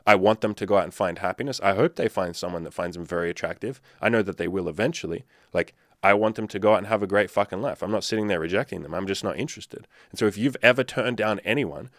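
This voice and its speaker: Aussie-sounding guy, lowish voice, blunt and sweary, dry close sound. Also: fast talker, few pauses, dry recording. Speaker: dating coach. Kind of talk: casual commentary to camera.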